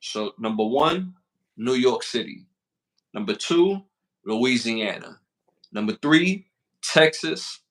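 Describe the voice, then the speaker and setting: A man's voice: mid-range voice, very animated, slow pace, pauses often, a bit bright. A man co-hosting a podcast, chatting in a loose, slangy, laid-back way with plenty of fillers. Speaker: podcast co-host. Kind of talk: casual chat.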